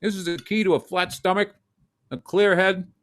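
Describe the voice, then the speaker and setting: A man's voice: sits high, level tone, moderate pace, fairly bright tone. A man co-hosting a comedy podcast, telling profane stories animatedly and acting out other people's voices. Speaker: podcast co-host. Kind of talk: casual comedy chat.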